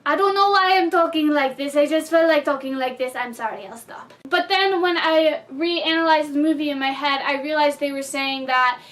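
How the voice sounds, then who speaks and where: A bubbly woman chatting through a casual movie review with a bright, high voice. She talks like she's telling friends about it and keeps slipping into giggles. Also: moderate pace, hardly any pauses.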